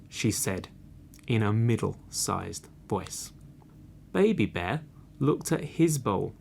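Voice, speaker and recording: A man narrating a children's storybook in an expressive, deliberate read. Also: lowish voice, creaky, a little hiss or hum. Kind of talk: slow storybook reading.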